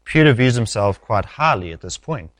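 A man preaching an expository sermon, measured and emphatic, often dropping low at the ends of phrases. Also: animated, fairly bright tone, no room sound.

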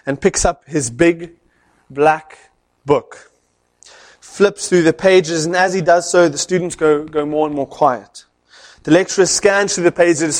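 A man preaching a sermon, telling a story in an animated way with dramatic pauses. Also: a little high.

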